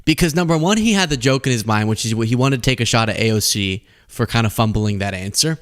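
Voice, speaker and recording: A man's voice: medium pitch, animated, fast, a bit bright. A man hosting a political commentary podcast, talking casually, laughing often and mocking playfully.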